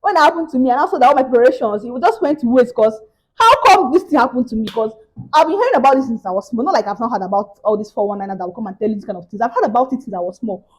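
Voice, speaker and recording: A woman's voice: fairly high pitch, expressive, racing, husky, low-quality recording. A young Nigerian woman with a Nigerian accent, telling a story in a casual vlog and acting out the other people's voices. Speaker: vlogger.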